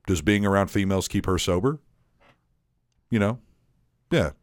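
A man's voice: low-pitched, moderate pace, dry recording. A man co-hosting a podcast, telling a story in casual chat, swearing freely and restarting often. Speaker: podcast co-host.

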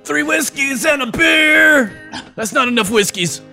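Man doing a raspy chain-smoking conspiracy crank. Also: high voice, normal speed, bright, forceful tone, faint music behind. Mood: boastful. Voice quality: rough smoker's rasp. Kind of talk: comedic character voice on a podcast.

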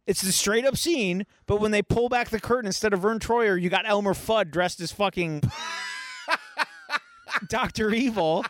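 A man co-hosting a podcast, retelling a movie in an animated, profane, casual chat. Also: high-pitched, moderate pace, hardly any pauses. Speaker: podcast co-host.

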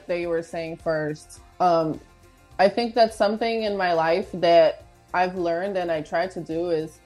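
A woman's voice: mid-range voice, a little mellow. A woman being interviewed as a guest, talking in an easygoing way with lots of fillers. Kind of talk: casual chat.

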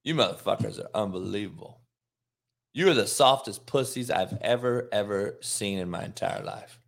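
A man's voice: fairly low pitch, moderate pace, vocal fry. A middle-aged man hosting a live sports show, ranting in a heated, profane way, mocking his chat and laughing between lines. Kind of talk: live-streamed sports rant.

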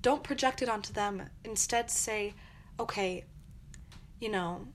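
Speaking a little slowly, with long pauses, a young woman on her own podcast shares earnest, encouraging advice in a reflective monologue, dramatizing angry quotes. Her pitch is medium, and a faint hiss or hum runs underneath.

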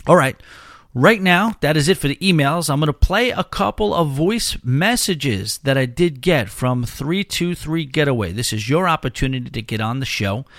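A man's voice: fairly high pitch, expressive, normal speed, a bit bright, dry recording, studio quality. A man hosting a podcast, chatting casually in a loose, rambling way, with many restarts. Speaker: podcast host.

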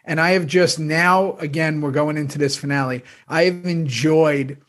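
A man with a slightly raised pitch talks in a casual, rambling way. He gushes and restarts his thoughts often, piling up fillers as he goes. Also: fairly even intonation, moderate pace. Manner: rambling, warm and effusive, many restarts. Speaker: actor reminiscing with former castmates. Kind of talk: casual chat.

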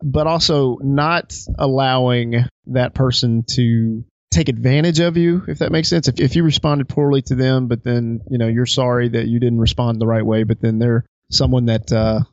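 A man's voice: mid-range voice, steady tone, normal speed, hardly any pauses, a little mellow, dry recording. A man co-hosting a podcast, asking a rambling follow-up question in a casual way. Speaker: co-host. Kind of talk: podcast interview. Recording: dry, dull audio with faint music.

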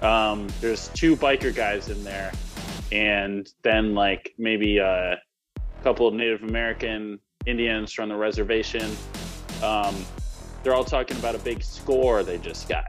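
A man's voice: on the low side, measured pace, music in the background. A man in casual conversation, playfully spinning joking hypothetical scenarios for his co-host. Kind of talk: casual chat.

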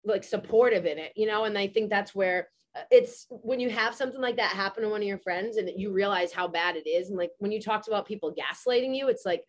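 A woman podcast host telling a story in a casual chat, animated and swearing freely. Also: mid-range voice, fast.

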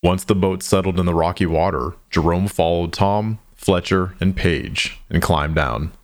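A man narrating an audio drama in a measured, somber storytelling manner. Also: deep voice, fairly even intonation.

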